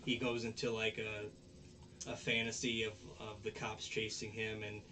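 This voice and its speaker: With a fairly low voice and a slightly slow delivery, a man runs a casual podcast recapping anime, rambling with frequent fillers and restarts. He plays out the characters' lines in animated voices against a noisy background.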